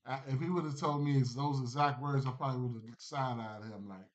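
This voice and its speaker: A man at an ordinary middle pitch talks loosely through his betting picks on a livestream. He rambles, restarts often and fills gaps with ums. The sound is dull and lo-fi. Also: steady tone, a little fast. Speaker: sports betting streamer. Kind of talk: casual livestream chat. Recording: dull lo-fi stream audio.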